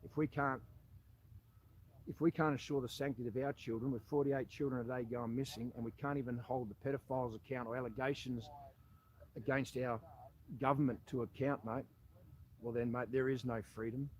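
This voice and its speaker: Australian ex-soldier, plain-spoken and forceful, mid-pitched man's voice, faint room hum behind him. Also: steady tone, fairly quick, rough recording. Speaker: army veteran. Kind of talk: impassioned monologue addressed to an official.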